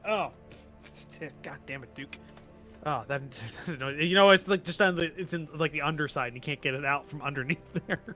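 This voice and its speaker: Bright-voiced man running a tabletop game. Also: a little high, moderate pace, soft background music. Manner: rambling, laughing often. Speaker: game master.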